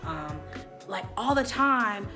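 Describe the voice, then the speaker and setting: A woman in her late twenties giving an animated, opinionated casual video commentary, often slipping into quoted voices. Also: mid-range voice, takes it slowly, loud music behind the voice. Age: late 20s. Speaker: host.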